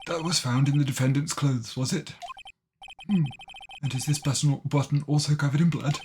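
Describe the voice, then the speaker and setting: A man's voice: on the high side, fairly even intonation, normal speed, noisy background, pitched above the performer's own voice, natural voice. A man voicing a fussy elderly male courtroom judge who hums and ponders. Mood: musing. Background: game music.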